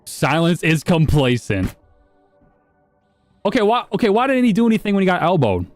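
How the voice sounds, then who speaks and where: A man's voice: sits high, big pitch swings, normal speed, dry recording, soft background music. A man streaming live and reacting to videos in blunt, profane, rambling casual commentary.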